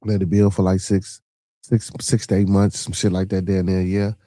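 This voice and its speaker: A man's voice: deep voice, level tone, moderate pace, mellow, no echo, clean studio sound. A man with a Chicago accent hosting a podcast, giving blunt, profane money advice in casual chat and often restarting his words. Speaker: podcast host.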